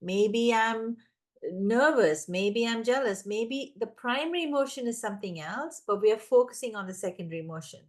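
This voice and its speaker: A woman giving parenting advice in casual conversation, animated and acting out the voices of children and parents. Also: fairly high pitch, normal speed. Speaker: parenting guest expert.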